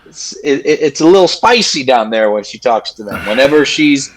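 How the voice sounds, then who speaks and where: A man with an average-pitched voice co-hosts a casual political podcast. He is blunt and profane and repeats words as he works toward his point. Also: animated, normal speed, poor audio. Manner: blunt, profane, repetitive restarts. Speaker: podcast co-host.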